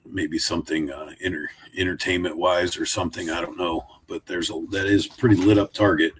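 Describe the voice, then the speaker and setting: Man, low voice, casual home live stream, chatty and rambling, slight background noise. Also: fairly even intonation, a little fast. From Oregon, USA. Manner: rambling, chatty, talks to his dog. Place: home room, sitting in a wooden chair.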